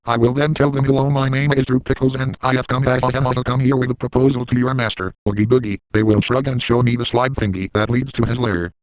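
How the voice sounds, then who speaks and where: A man's voice: mid-range voice, steady tone, brisk, hardly any pauses, smooth, dry recording, close to an everyday voice, low-quality recording. A man voicing a gleeful, scheming, villainous middle-aged man in a boastful first-person comic monologue.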